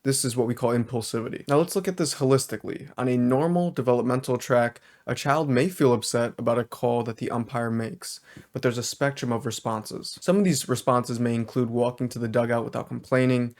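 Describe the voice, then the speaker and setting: A man working as a social worker, hosting a reaction video and calmly explaining a clip while hedging his statements. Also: medium pitch, brisk.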